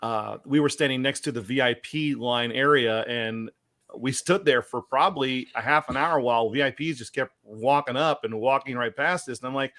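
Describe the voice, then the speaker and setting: A middle-aged man hosting a casual chat, an excitable storyteller who acts out quotes loudly. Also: medium pitch, normal speed, dry recording. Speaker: show host.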